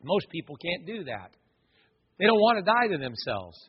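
A man preaching a sermon as a pastor, dramatic and animated, acting out quoted voices. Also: sits high, moderate pace, husky. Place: church sanctuary. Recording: muffled, long hall reverb.

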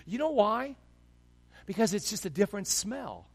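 A male pastor preaching a sermon in an animated storytelling way, swinging between loud bursts and hushed asides. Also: high-pitched, normal speed, creaky, in a large hall.

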